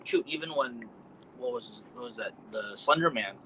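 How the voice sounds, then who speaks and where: A man's voice: medium pitch, normal speed, noisy background. Thoughtful man musing in casual chat. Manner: thoughtful, reflective, explains at length. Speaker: podcast co-host.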